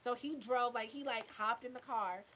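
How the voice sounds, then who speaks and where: A woman's voice: fairly high pitch, moderate pace, fairly bright tone, a little hiss or hum, low-quality recording. A young adult woman host telling a personal story in a candid, profane, casual way, often turning to her listeners.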